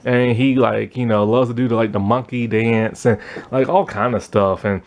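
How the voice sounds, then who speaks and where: A man's voice: medium pitch, fairly even intonation, normal speed, a little mellow. A man giving a casual spoken review of a cartoon, rambling with lots of fillers and frequent laughter.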